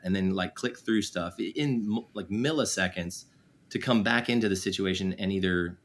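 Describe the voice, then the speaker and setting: A man's voice: sits low, moderate pace, a little hiss or hum. Candid, self-mocking middle-aged man. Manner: candid, self-deprecating, laughs easily, many fillers. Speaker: podcast guest, father. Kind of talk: casual candid conversation.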